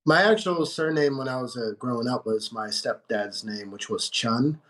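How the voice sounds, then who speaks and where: Relaxed American man, candid. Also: mid-range voice, moderate pace. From United States. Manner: relaxed, candid, searches for words. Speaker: guest tattoo artist. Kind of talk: casual podcast chat.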